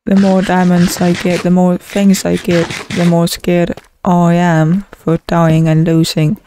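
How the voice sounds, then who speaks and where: A woman's voice: lowish voice, completely flat delivery, unhurried, dark tone, slight background noise. A woman gaming YouTuber giving dramatic, exclaiming commentary on her own Minecraft play, groaning and swearing when things go wrong. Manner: swears in frustration.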